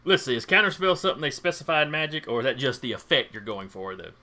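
A man's voice: mid-range voice, very animated, quick pace, bright, forceful tone. A man running a tabletop game as game master, reading out rules plainly and asking players for rolls. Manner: reads rules aloud, plain and matter-of-fact.

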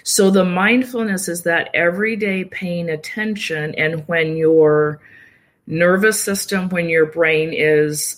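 A deep-voiced woman appears as a guest in a casual interview conversation, calmly explaining things at length as a yoga nidra practitioner. Now and then she acts out short quoted thoughts, like little inner voices.

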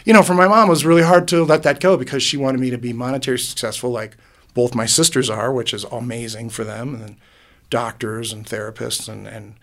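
Middle-aged male musician guest, gravelly voice, heartfelt and rambling, podcast booth. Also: medium pitch, fairly bright tone. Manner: rambling and heartfelt, many restarts. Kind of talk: casual interview conversation.

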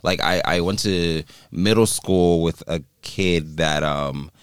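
Deep-voiced laid-back man from Los Angeles. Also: smooth, no echo, studio quality. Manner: loose, quick agreeing with many yeahs. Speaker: guest comedian and writer. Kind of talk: casual podcast chat.

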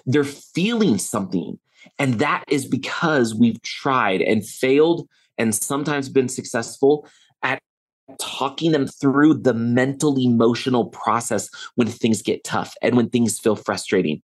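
A middle-aged man speaks as a podcast guest, earnest and conversational. His voice sits in an ordinary middle pitch. He tells stories with animated quoted dialogue. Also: measured pace. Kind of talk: conversational interview.

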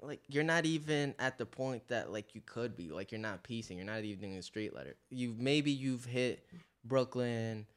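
A man's voice: medium pitch, normal speed, smooth. A man in casual chat with a friend, laid-back and teasing, speaking in slang. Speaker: friend and fellow graffiti writer.

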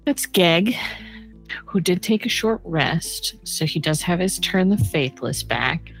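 A woman's voice: lowish voice, expressive, takes it slowly, gravelly, soft background music, low-quality recording. A woman running a tabletop game as game master, narrating playfully and laughing often.

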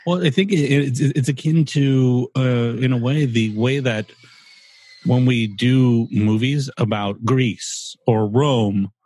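Husky-voiced opinionated man. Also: medium pitch, steady tone, slow, warm tone. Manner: opinionated, blunt, swears. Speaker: podcast co-host. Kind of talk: casual chat.

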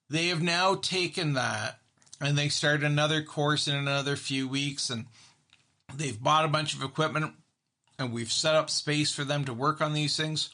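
Man, therapist, casual storytelling monologue, bright voice, slightly high. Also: a little slow. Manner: storytelling, acts out his own reactions, many restarts. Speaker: therapist and podcast host.

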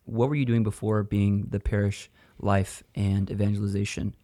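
A man's voice: lowish voice, level tone, normal speed, warm tone, dry recording. A man hosting a podcast, upbeat and jokey, introducing his guests and asking questions. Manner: upbeat, jokey, talking with his mouth full. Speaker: podcast host. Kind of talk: casual podcast chat.

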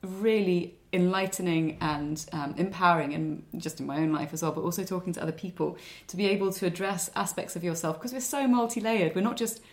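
A woman hosting an interview podcast, speaking in a measured, thoughtful way and building up long reflective questions. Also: on the low side. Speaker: podcast host.

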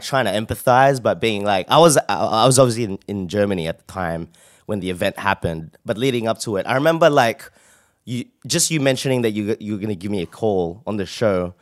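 A man co-hosting a podcast in casual chat, excitable and quick to swear, calling in remotely. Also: on the low side, no room sound, studio quality. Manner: excitable, swears casually, quotes his own panic. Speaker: podcast co-host. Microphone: remote call.

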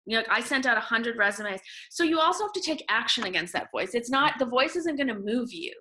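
A woman from Canada, a podcast guest and author, talking in a casual, animated way with quick restarts. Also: fairly high pitch. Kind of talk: casual interview talk.

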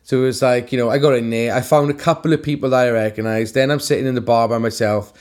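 A man's voice: medium pitch, fairly even intonation, fast talker, a little mellow. Sweary rambling man telling stories. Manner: sweary, rambling storyteller with many restarts and "like". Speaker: tattoo artist and podcast co-host. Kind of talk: casual chat.

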